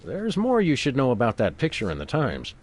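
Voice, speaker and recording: A man's voice: mid-range voice, huge pitch swings, brisk. A man voicing a wry, dry-witted male dog detective in a video game. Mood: confiding.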